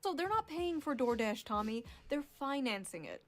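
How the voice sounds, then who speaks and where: A woman's voice: high voice, big pitch swings, normal speed. A woman YouTuber delivering a scripted commentary video, sarcastic, profane and full of rhetorical questions.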